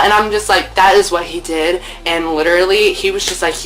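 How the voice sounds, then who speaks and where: A man telling a story in a casual vlog, animated, laughing, and swearing freely. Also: high-pitched, brisk, few pauses, slight background noise, poor audio. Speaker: vlogger.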